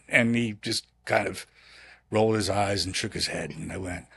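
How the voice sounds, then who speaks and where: A man's voice: fairly low pitch, fairly even intonation, creaky, bright, forceful tone. A man, a company founder telling stories as a podcast guest, rambling and restarting often and acting out quoted conversations. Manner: rambling, halting, with many restarts and quoted dialogue. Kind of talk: casual storytelling interview.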